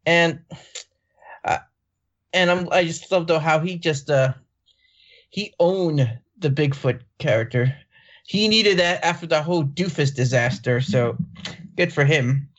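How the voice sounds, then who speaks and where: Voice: medium pitch, measured pace, long pauses. Rambly podcast cohost, lots of likes and ums, kinda muffled dull audio. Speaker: podcast co-host. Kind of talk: casual cartoon review chat.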